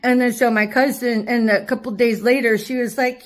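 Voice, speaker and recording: A woman's voice: fairly high pitch, fairly even intonation, moderate pace, hardly any pauses. A woman telling a rambling story in a casual vlog, laughing often and swearing freely. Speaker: vlogger. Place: her cousin's home.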